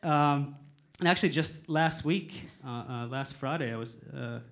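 A man's voice: fairly high pitch, unhurried. A middle-aged American man performing a sardonic, profane stand-up set on a comedy club stage, rambling with lots of fillers. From United States.

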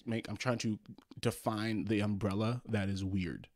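Low-voiced man telling rambling, profane stories. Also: fairly even intonation, measured pace, no room sound, clean studio sound. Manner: rambling, profane storytelling with frequent restarts and laughter. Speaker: podcast co-host. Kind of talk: casual chat.

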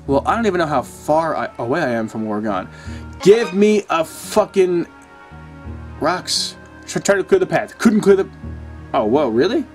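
A young man talks through a video game in loose, casual commentary, ranting and swearing whenever things go wrong. His voice sits a little high for a man. Soft background music plays beneath him. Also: lively intonation, moderate pace. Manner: profane, exasperated ranting. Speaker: let's play gamer.

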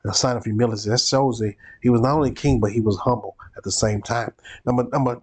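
A man's voice: mid-range voice, steady tone, fast talker, darkish tone, husky. A male pastor teaching a Bible study, preacherly and repeating phrases for emphasis.

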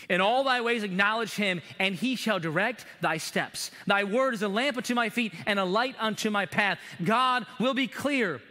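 A middle-aged male pastor preaching a sermon, animated and acting out prayers to God. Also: high-pitched, normal speed, few pauses. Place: church sanctuary. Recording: long hall reverb in a church.

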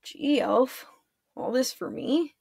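A woman's voice: sits high, takes it slowly, creaky, warm tone, no room sound, clean studio sound, full character voice. A woman voicing a cocky young warlock boy who teases and wisecracks in a storybook read-aloud. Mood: teasing. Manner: teasing, wisecracking.

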